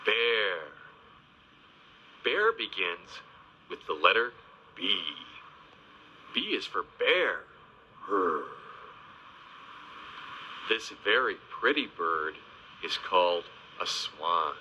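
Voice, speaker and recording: Male narrator for a kids' animal video: gentle, bright-toned, slow and very lively in pitch, teacherly emphasis, on a lo-fi old soundtrack. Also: a little hiss or hum. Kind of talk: slow, sing-song narration for young kids.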